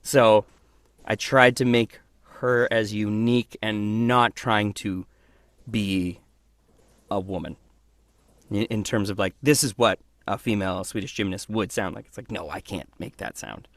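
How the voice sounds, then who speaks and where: Man, voice actor guest, casual interview, thoughtful and animated, dry close sound. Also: fairly low pitch, a little slow, no room sound. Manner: thoughtful, animated, acts out voices mid-sentence.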